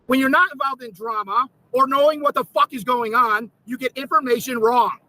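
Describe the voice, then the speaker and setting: A man with a strikingly high voice and a hard, bright edge vents on a livestream. He swears at nearly every turn and repeats his points in indignation. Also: brisk, poor audio. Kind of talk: angry livestream rant.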